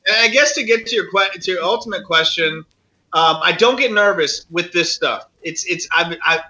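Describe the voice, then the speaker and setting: A man's voice: high voice, moderate pace, dull audio. A middle-aged man, a guest actor and comedian, telling stories in casual podcast chat, acting out voices and laughing often. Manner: animated storyteller, acts out voices, laughs often.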